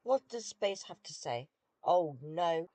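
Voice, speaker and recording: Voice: mid-range voice, lively intonation, slow, darkish tone, dry recording. Dry, wry British streamer. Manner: dry, self-deprecating, wry. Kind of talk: casual live-stream chat while playing a game.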